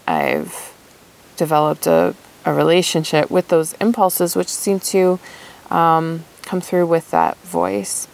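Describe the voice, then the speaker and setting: Slow, gravelly-voiced reflective woman. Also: sits low, slight background noise. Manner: thoughtful, hesitant, many pauses. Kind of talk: reflective personal monologue.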